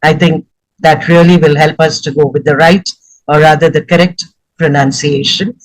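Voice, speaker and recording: A man's voice: a little high, steady tone, normal speed, no room sound, low-quality recording. A man giving a formal, effusive spoken review of a session, with elaborate wording. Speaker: session participant giving feedback.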